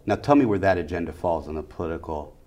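A man's voice: deep voice, animated, fast, darkish tone. A middle-aged man, an educator, speaking in an interview and stressing his points in repeated, rhythmic lists. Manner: emphatic, repeats key phrases in rhythmic lists. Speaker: educator and school leader. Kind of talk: interview conversation.

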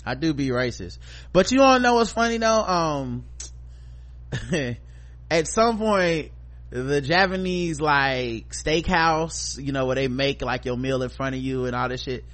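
A middle-aged man co-hosting a podcast, chatting casually and reading listener feedback, acting out stories with loud profane quotes. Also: medium pitch, unhurried. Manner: animated storyteller, profane, acts out quotes loudly. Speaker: podcast co-host.

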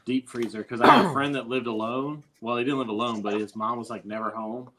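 A man on a casual podcast, telling a story in a loose, rambling way. His voice has an ordinary middle pitch. He swears freely and stays easygoing throughout. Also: steady tone, a little fast, background noise. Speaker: podcast co-host.

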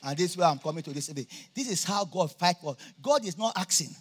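A man preaching a sermon at a church campmeeting, jovial and laughing often, now and then bursting into shouts. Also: high-pitched, animated, fast, husky. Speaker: pastor.

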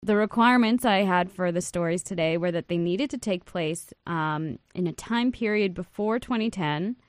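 A woman's voice: lowish voice, moderate pace, no room sound. A young woman hosting a podcast, casual and playful, laughing often between lines. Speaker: podcast host. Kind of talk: casual chat.

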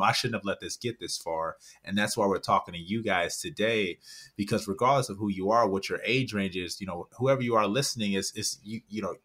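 A man's voice: low-pitched, a bit bright, husky. A man in his thirties talking earnestly in a casual podcast chat, rambling and repeating words as he acts out little quotes. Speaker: podcast guest author.

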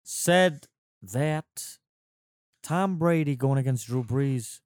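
A man's voice: mid-range voice, expressive, no echo, clean studio sound. Man hosting a casual sports podcast. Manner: steers the topics, reads stats deliberately. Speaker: podcast host.

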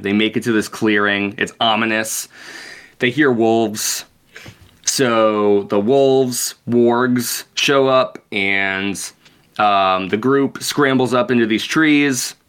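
A man's voice: lowish voice, slow, fairly bright tone, smooth. A man casually summarizing a book chapter on a podcast, laid-back and profane, with lots of fillers and "like". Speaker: podcast co-host. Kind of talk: casual book-club chat.

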